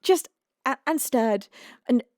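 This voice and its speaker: A young woman, a singer-songwriter streaming live, gushing through thank-yous to her chat with frequent laughs and soft whispered asides. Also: on the high side, lively intonation, slow pace, no echo, studio quality. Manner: gushing, emotional, laughs often, drops to a whisper. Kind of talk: chatty livestream thank-yous.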